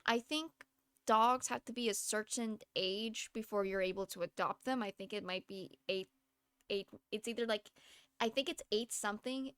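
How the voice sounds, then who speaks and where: A woman's voice: mid-range voice, fairly bright tone, clean tone, no room sound, studio quality. A young woman streaming a game from home, chatting in a rambling way and laughing often. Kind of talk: casual chat while gaming.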